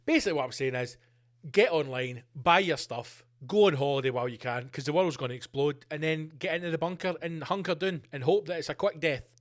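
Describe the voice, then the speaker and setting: A man's voice: a little high, a little fast. A man hosts a solo podcast with a slightly raised voice. He rants and swears freely, jumping from one tangent to the next. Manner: sweary, ranting, jumps between tangents. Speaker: podcast host.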